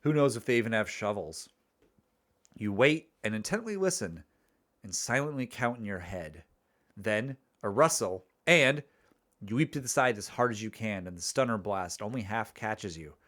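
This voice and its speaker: A man's voice: lowish voice, expressive, normal speed, fairly bright tone. Playful man narrating a text game. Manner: playful, rambling with restarts. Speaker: streamer and game author. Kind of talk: reading game narration and casual chat.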